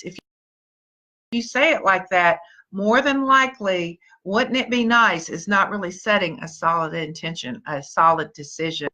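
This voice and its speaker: A woman's voice: mid-range voice, a little slow, sharp tone. A woman leading a live-stream pep talk, encouraging her team and greeting viewers by name in an upbeat way. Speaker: motivational speaker and team leader.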